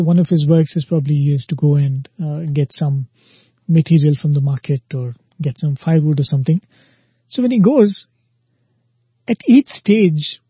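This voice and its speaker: A man gives a spiritual talk in a husky, very mellow voice, pitched a little high for a man. He tells a parable at an easy pace and acts out its quoted lines. The recording is dull, lo-fi and dry. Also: no room sound. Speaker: spiritual speaker. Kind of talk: spiritual discourse with storytelling.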